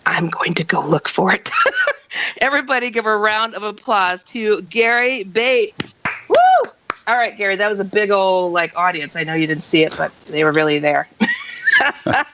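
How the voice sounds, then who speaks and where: A woman hosting a radio talk show, bubbly and quick to laugh, chatting casually with her guest. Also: low-quality recording. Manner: bubbly, laughs often, lively pitch jumps.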